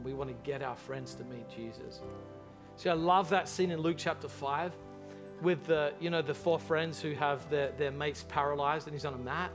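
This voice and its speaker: A man preaching a sermon as pastor to a large church congregation, impassioned and animated in his storytelling. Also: fairly high pitch, gravelly.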